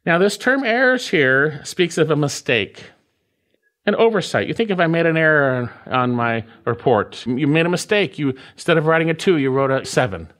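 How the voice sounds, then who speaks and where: Preaching through a passage verse by verse, this pastor speaks at normal speed in a fairly bright, somewhat high voice. He is animated and emphatic, repeating key phrases in a rising and falling cadence.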